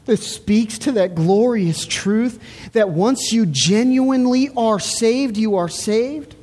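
A woman's voice: on the high side, slow pace, mellow. A woman preaching a sermon in an earnest, emphatic way, repeating words as she builds her point. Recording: reverberant hall.

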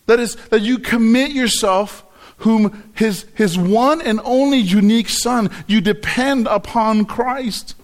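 A preacher with a fairly high voice delivers an emphatic sermon explaining scripture. He often repeats words and slows down to stress key phrases.

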